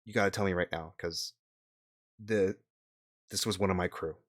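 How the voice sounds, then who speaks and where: A man's voice: low voice, steady tone, normal speed. A man voicing a blunt, suspicious crew boss in a tabletop game. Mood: urgent. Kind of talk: game master voicing a character.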